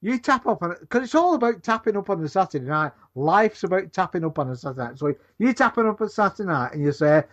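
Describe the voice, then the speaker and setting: A man in crude, rambling casual banter as podcast co-host, sweary and excitable. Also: high-pitched, fast, few pauses. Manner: sweary, excitable, mock-indignant. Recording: dull lo-fi recording.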